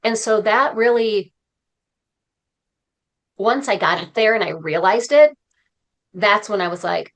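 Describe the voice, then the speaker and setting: A woman's voice: medium pitch, expressive, a little slow, pauses often. A woman guest on a podcast, with a mid-range voice. She talks earnestly and from the heart. Her tone stays encouraging throughout. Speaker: podcast guest, speaker and coach. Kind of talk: conversational interview.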